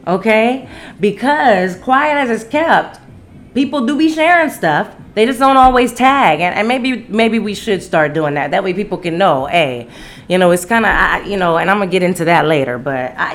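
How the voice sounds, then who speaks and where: A young woman tells a personal story straight to her listeners in a loose, unscripted rant. She swears freely, laughs through her own lines and leaps up in pitch whenever she acts out what someone said. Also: animated, normal speed. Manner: candid, profane and laughing, with big pitch jumps when quoting. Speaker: podcast host and singer.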